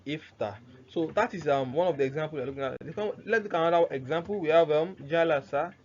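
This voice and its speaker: A man's voice: fairly high pitch, a little mellow. Man teaching, quizzing with rhetorical questions. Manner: asks rhetorical questions, repeats words slowly. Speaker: Arabic grammar teacher. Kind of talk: recorded lesson. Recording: dull lo-fi recording with faint noise.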